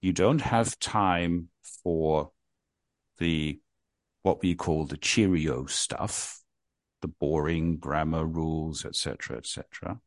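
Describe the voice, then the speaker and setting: A man's voice: low voice, dry recording. An older man hosting a casual podcast, rambling and poking fun at himself. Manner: self-mocking, jokey, rambling. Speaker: podcast host.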